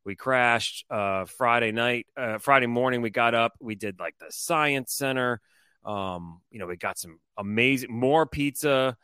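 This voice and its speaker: Bright-voiced man telling a story. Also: mid-range voice, a little slow, smooth, no room sound, clean studio sound. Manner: animated, profane, rambling. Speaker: co-host. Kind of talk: casual podcast storytelling.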